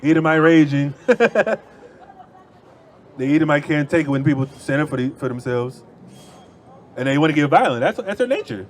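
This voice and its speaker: A man's voice: a little high, expressive, moderate pace, pauses often, slight background noise. Confrontational man arguing on a street. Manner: confrontational, dismissive, repeats himself. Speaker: street preacher. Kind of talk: heated street debate. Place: outdoors on a city street.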